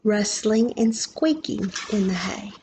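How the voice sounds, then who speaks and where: A preschool teacher gently reads a picture book to a group of young children, pausing to pose questions and draw attention to the pictures. She speaks slowly in a mid-range voice with lively intonation, and there's a slight hiss or hum in the audio.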